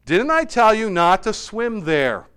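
A man's voice: a little high, huge pitch swings, normal speed, a bit bright, clear, resonant tone. A man voicing a stern father who questions his son in a demanding way.

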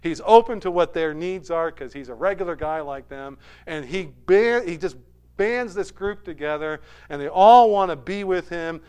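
A man retelling a movie story in an animated sermon style, swinging between loud bursts and hushed asides. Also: fairly high pitch, clean tone. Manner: animated retelling with sudden soft drops.

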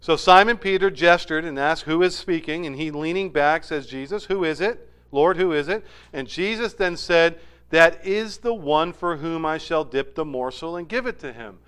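High, smooth-voiced male preacher. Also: moderate pace, fairly bright tone. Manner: dramatic retelling, voice rising to emphasis and dropping low. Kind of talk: sermon.

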